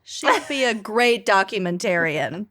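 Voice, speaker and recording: A woman co-hosting a podcast, giggly and tossing in quick asides. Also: mid-range voice, expressive, fairly bright tone. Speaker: podcast co-host. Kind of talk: casual chat.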